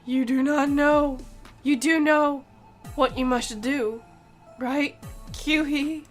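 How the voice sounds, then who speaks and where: A woman voicing the ghost of a dead best friend in a game, speaking slowly and insistently in a drawn-out way. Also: high voice, steady tone, faint music behind, pitched above the performer's own voice. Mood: eerie.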